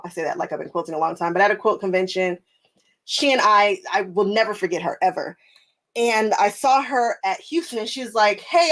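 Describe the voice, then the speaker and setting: Female crafting host, casual live-stream chatter, animated, laughs easily, medium-pitched voice. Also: rough recording. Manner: chatty and animated, often laughing, repeats phrases for emphasis. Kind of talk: casual live stream chat reading viewer comments. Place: home sewing room.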